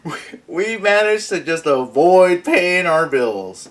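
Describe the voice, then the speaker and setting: A man's voice: on the high side, expressive, slow pace. A young man from Mexico hosting a casual morning vlog, joking and laughing as he talks. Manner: joking, laughs through his lines. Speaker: vlog host.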